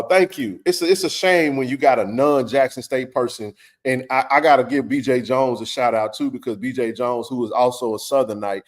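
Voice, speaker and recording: A man hosting a sports talk stream from a home setup. He rants in a heated, blunt way and swears often, in a casual conversational tone. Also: mid-range voice.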